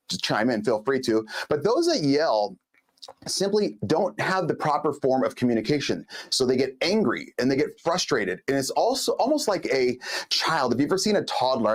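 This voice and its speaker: A man hosting a live show, talking straight to his viewers in a chatty, emphatic way. His pitch sits in the middle for a man. He leans on words for emphasis and keeps an easy, talkative flow. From Los Angeles. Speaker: host.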